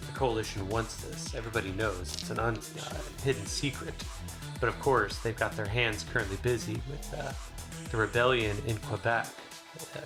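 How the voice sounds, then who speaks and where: A man narrating a solo tabletop game as game master, relaxed, with many filler sounds. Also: fairly low pitch. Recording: voice over clear background music.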